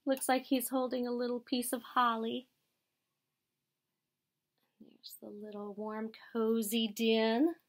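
A woman teacher reading a picture book aloud to children and asking them questions in an expressive storytelling manner. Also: a little high, slow pace, long pauses.

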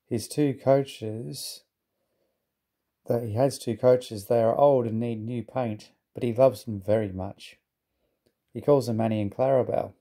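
A man reads a children's storybook aloud at an even, steady pace. His voice has a notably dark, mellow tone at an ordinary pitch. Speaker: narrator.

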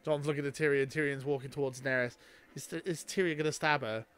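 A man doing live reaction commentary, talking back at the screen and swinging between low mutters and excited shouts. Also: quick pace, clean tone, soft background music. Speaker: reaction video host.

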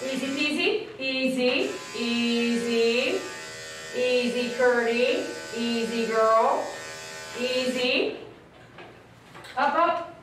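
A woman dog groomer who coaxes a dog softly and chats with viewers as she works. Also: fairly high pitch, drawn-out words, pauses often, distant mic, over music. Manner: soothing, coaxing talk to a dog, chatty asides to viewers. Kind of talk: livestreamed grooming with running commentary. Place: grooming room. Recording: echoey room, voice a bit off-mic.

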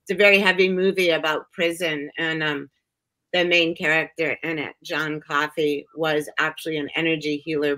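A woman from upstate New York telling personal stories as a guest in a casual chat, animated and acting out the voices she quotes. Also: low-pitched, low-quality recording. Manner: animated, acts out quoted voices, laughs often.

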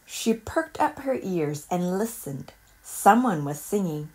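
A woman reading a children's picture book aloud in a calm, measured storytelling voice. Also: fairly low pitch, husky. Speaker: storybook reader.

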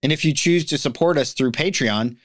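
A man's voice: a little high, brisk, dry recording, clean studio sound. A man hosting a podcast in a casual, chatty way, laughing easily and often restarting his sentences. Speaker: podcast host.

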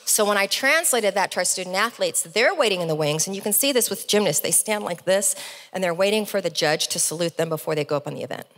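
A middle-aged woman giving a motivational keynote speech on stage, telling stories as a lively, animated storyteller with comic asides. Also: medium pitch, long reverb tail. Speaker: keynote speaker. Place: large event hall, on stage.

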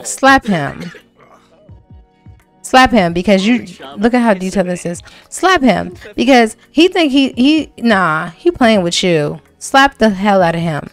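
Animated, profane young woman gamer. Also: mid-range voice, a little slow. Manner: animated, profane, hypes up the drama. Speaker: gaming video host. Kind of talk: casual let's-play commentary. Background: faint background music.

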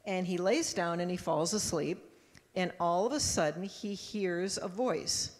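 A woman pastor giving a children's message in church, telling a story lively and acting out the voices, with a handheld microphone. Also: lowish voice, measured pace. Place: church sanctuary. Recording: long church reverb.

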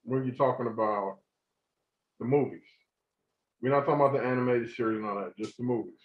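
A man co-hosting a podcast, ranting profanely and getting louder as he works himself up. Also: brisk. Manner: ranting, profane, swings loud and high when worked up. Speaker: podcast co-host. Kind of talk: heated casual chat. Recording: echoey room, dull lo-fi sound.

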